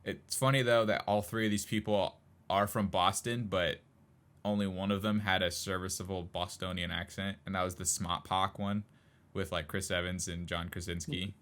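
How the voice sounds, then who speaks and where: A man's voice: low-pitched, level tone, normal speed, a bit bright. A man co-hosting a casual podcast chat, rambling with lots of fillers and frequent laughs. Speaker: podcast co-host.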